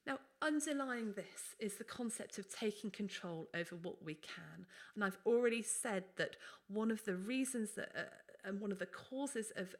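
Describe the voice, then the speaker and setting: A woman, a doctor, giving a conversational, explanatory webinar presentation. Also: mid-range voice.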